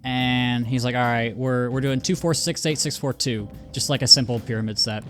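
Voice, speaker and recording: Over game music, a man with a medium-pitched, steady voice provides relaxed let's-play commentary at a moderate pace. He's chatty and rambling, frequently interrupting himself and laughing readily.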